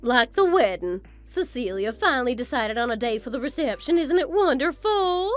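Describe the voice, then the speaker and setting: A woman with a fairly high, bright voice and lively intonation speaks fairly quickly over faint background music. She plays a vain, middle-aged mother-in-law in a text-story drama, sounding boastful, haughty, belittling, and full of self-admiration.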